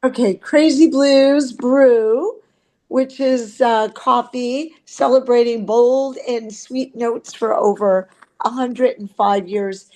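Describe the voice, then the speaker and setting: A woman guest with a Chicago accent, talking unhurriedly and pausing to search for words. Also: fairly high pitch, fairly even intonation, dark tone. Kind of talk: casual interview talk.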